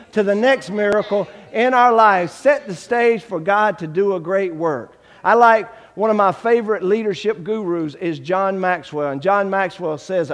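Male preacher, high tenor, long church echo, animated testimony. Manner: animated storytelling, acts out quoted voices. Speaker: guest preacher. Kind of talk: sermon with personal testimony. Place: church sanctuary.

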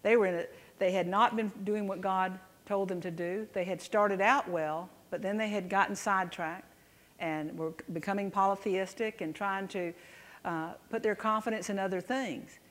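A woman's voice: medium pitch, steady tone, normal speed, a bit bright. Woman preacher, chatty and emphatic sermon delivery, mid-range voice, long hall reverb. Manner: conversational, emphatic, frequent restarts and "right?" asides.

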